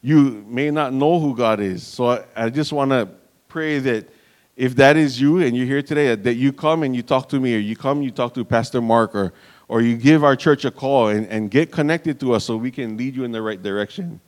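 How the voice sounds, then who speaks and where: A man's voice: mid-range voice, normal speed, a little mellow. A man preaching a sermon in an earnest manner, calling out to the congregation and restarting phrases as he goes.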